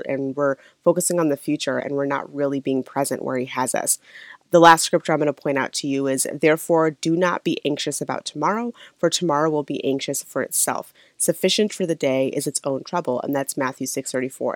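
A speaker from Minnesota teaching scripture in a warm, conversational, unscripted way. The voice sits at a mid pitch and is recorded dry and close, with no room sound. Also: no echo. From Saint Paul, Minnesota. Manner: earnest, conversational, with frequent fillers and restarts. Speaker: devotional teacher.

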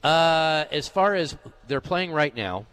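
A man's voice: fairly high pitch, expressive, takes it slowly, a bit bright, clear, resonant tone, dry recording. A man hosting a golf show on sports radio, talking casually and emphatically, rambling with fillers through ads and chat. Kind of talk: casual sports radio talk with live reads. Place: radio studio.

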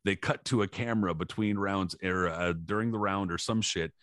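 A man's voice: low-pitched, normal speed, dry recording, studio quality. A man co-hosting a podcast, telling a story with lots of swearing and acting out the people in it. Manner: profane animated storytelling, acting out shouted quotes. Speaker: podcast co-host. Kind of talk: casual podcast chat.

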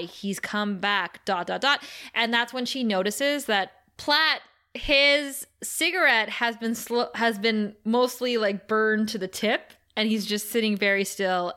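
A woman co-hosting a podcast, recapping an episode with animated storytelling. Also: clean tone. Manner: animated storytelling, quotes characters with raised pitch. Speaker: podcast co-host. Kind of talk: casual recap chat.

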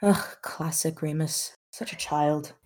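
A woman doing a snide young man at a dinner party in a tabletop game, low-pitched and sneering. He looks down on everyone and speaks with cool condescension. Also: slow, a little mellow. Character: snide, arrogant young man, a host's son.

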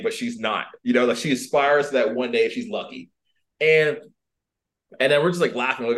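Here a man with a medium-pitched voice tells a story at a brisk clip. He's a dating and personal development coach appearing as a podcast guest, and his storytelling is animated and heavy on fillers, with voices acted out along the way.

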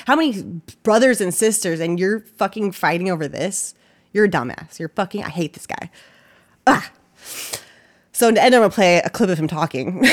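A woman hosting a true-crime podcast in a relaxed, chatty way. Her voice sits a little low, and she is blunt and swears freely, laughing as she runs through the facts. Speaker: podcast host.

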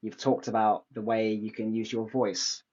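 A man hosting an interview podcast, speaking calmly as he sums up points and asks questions. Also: lowish voice, moderate pace. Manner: calm, summarizing, asks questions. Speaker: podcast host. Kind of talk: conversational interview. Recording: dull lo-fi mic.

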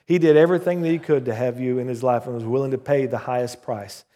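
His voice is medium-pitched and mellow, fairly even in intonation and quick in pace. The southern Oklahoma pastor prays, then delivers a sermon of stories and bits of hymn sung to his congregation, recorded in a church with long hall reverb.

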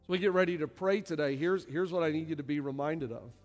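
A male pastor preaching a sermon, dropping to quiet low stretches and then rising to loud shouted passages. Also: fast talker. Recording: reverberant hall with faint music.

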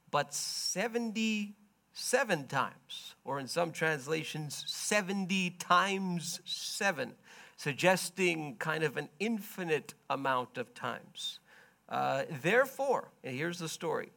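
A man delivers a sermon in a fairly high voice with a gravelly, creaky edge. He retells a story dramatically, dropping to a low murmur, then rising into loud, emphatic bursts. He stops often to explain in plain, everyday words. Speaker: preacher.

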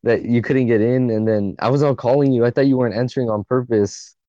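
A man's voice: medium pitch, fairly even intonation, fast talker, warm tone, no echo, muffled recording. A young man in his late teens, co-hosting a podcast, telling an emotional story in a rambling, swearing way full of filler words. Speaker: podcast co-host. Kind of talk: casual storytelling chat.

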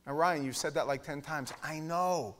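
A middle-aged man preaching a sermon in a Bible study, blunt and emphatic, with his voice swinging from loud to hushed. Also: a little high, normal speed. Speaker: pastor teaching a Bible study.

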